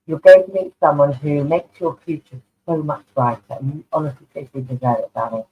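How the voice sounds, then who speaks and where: A woman's voice: deep voice, steady tone, fairly quick. A woman reads tarot cards for viewers during a live online session. She is chatty and affectionate and calls people darling. Her voice comes through narrow and tinny, like a phone line. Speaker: tarot card reader. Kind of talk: live online card reading. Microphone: online video stream.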